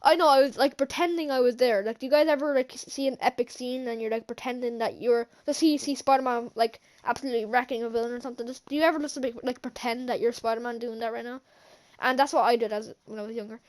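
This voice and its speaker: A woman's voice: on the high side, fairly even intonation, quick pace, few pauses, darkish tone. A woman casually recapping a movie for her vlog, rambling with many fillers and restarts and chuckling now and then. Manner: chuckles often while recounting scenes. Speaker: channel host, film reviewer.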